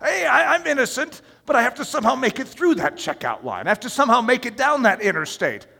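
A man's voice: very high voice, sing-song, fast, vocal fry, bright, forceful tone, slightly rough, big-room sound. A man preaching a sermon in an emphatic, conversational way, asking his listeners questions along the way.

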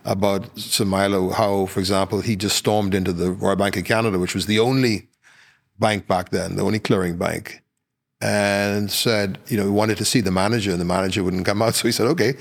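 Older bahamian guy, lowish voice, tells stories with lots of ums and restarts. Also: brisk, gravelly. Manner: animated anecdotes, many fillers and restarts. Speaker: guest, former politician. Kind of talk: podcast interview storytelling.

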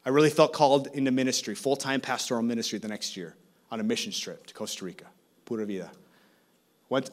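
A middle-aged man from Minnesota preaching as a guest speaker, telling a story with lively energy and acting out each conversation in changing voices. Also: medium pitch. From Minnesota, USA. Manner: animated, acts out dialogue with shifting voices. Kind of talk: storytelling sermon.

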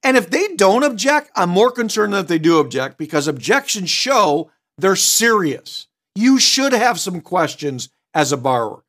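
Middle-aged guy coaching sales reps, high voice, blunt and emphatic, keeps hammering the point. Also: very animated, moderate pace, hardly any pauses, a bit bright. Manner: direct, emphatic coaching with sudden punchy asides; switches tone to act out customers. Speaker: mortgage sales trainer. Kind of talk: recorded training seminar.

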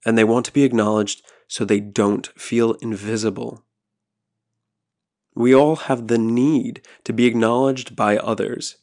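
A man hosting a solo podcast, speaking in a calm, reflective way and posing rhetorical questions to the listener. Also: medium pitch. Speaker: podcast host.

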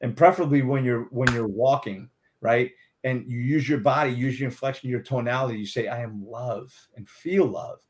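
A man's voice: mid-range voice, brisk, slight background noise. Earnest man giving motivational advice. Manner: earnest, emphatic, repeats affirmations. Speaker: guest. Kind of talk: motivational interview talk.

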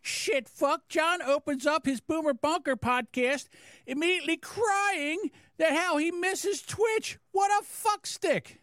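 A man putting on a high, mocking voice for a rival podcaster who is reading out insults. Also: slow, a bit bright, no echo, clean studio sound, exaggerated voice. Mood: sneering.

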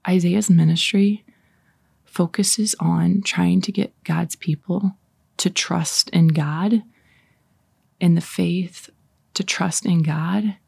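Woman, prayer leader; husky, dry and close. Slow, soft meditation reading, some lines whispered, chatty asides between. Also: fairly low pitch, no room sound. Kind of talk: guided scripture meditation.

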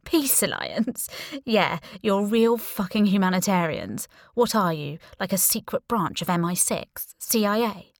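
Woman narrator doing a scared but defiant teen girl, high strained voice, sweary, dry close audiobook sound. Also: measured pace, dry recording, close to an everyday voice. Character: frightened, defiant teenage girl. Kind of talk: audiobook character voice.

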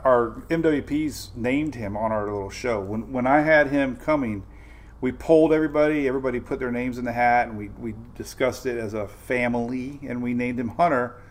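A man's voice: medium pitch, normal speed. A man hosting a casual live weather update, talking directly to his viewers in a chatty, informal way and often repeating himself. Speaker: weather show host.

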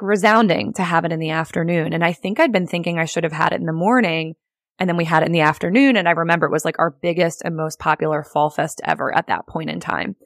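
Upbeat woman podcast host with a lower voice, chatty teaching tone, recorded dry and close. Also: no echo. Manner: chatty, upbeat, frequent "like" and laughs. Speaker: podcast host and real estate agent. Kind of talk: casual solo podcast teaching.

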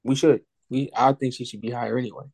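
Laid-back teasing co-host, mid-pitched man, dry close mic. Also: fairly even intonation, quick pace, a little mellow, breathy edge, no echo. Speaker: podcast co-host. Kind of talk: casual chat.

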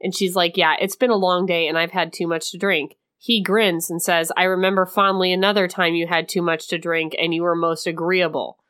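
A woman co-hosting a casual chat, telling stories in a wry, deadpan way. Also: fairly low pitch, brisk, hardly any pauses, clear, resonant tone. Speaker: podcast co-host.

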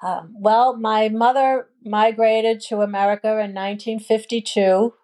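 A woman in her sixties, a guest in an interview, telling stories in a relaxed way with frequent ums. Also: on the high side, measured pace. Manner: warm storytelling with many ums and you knows. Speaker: guest, food business owner. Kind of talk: casual interview chat.

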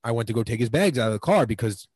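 A man's voice: mid-range voice, lively intonation, racing, darkish tone, husky, no room sound, rough recording. A man in his twenties telling stories as a podcast guest, rambling with lots of fillers. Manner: rambling, filler-heavy, lots of "like" and "you know". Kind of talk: casual storytelling.

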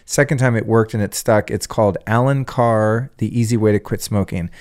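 Podcast host, male, lowish voice, loose profane storyteller. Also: fairly even intonation, moderate pace, darkish tone. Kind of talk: casual podcast conversation.

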